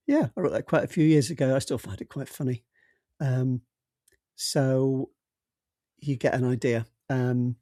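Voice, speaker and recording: Male author-narrator, mellow tone, dry close sound, casual and halting between chapters. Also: mid-range voice, no room sound. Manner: hesitant, with fillers and restarts in the chat. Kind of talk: storybook narration and casual chat.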